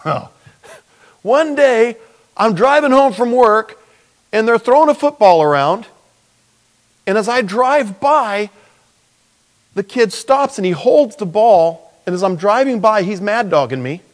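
Middle-aged male pastor, slightly high voice, folksy story-driven sermon with hushed prayer asides. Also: lively intonation, measured pace, pauses often. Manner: conversational storytelling, drops soft and low for quoted prayers, laughs often.

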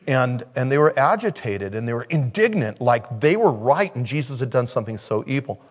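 A man preaching a sermon in an animated way, swinging from loud and excited to quiet and reflective. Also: medium pitch, normal speed, hardly any pauses.

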